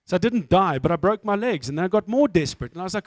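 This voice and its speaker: A man's voice: high voice, lively intonation, racing, few pauses, no room sound, studio quality. A middle-aged man from South Africa with a South African accent, giving a candid, self-mocking testimony talk as a guest speaker.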